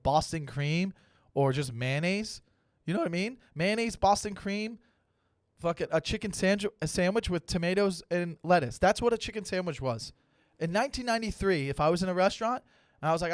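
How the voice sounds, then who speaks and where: Comic man in his thirties hosting his own show; fairly high voice, swearing through mock-serious rants, dry close sound. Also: no echo. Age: 30s. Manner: animated, profane ranting with mock-serious pep talks. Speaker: comedian podcast host. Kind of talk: comic solo monologue.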